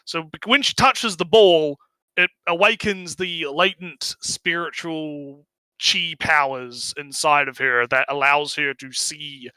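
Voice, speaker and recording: A man co-hosting a casual anime discussion stream, excitable, laughing often and restarting his sentences. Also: fairly high pitch, slow, clean tone, dry recording. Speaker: stream co-host.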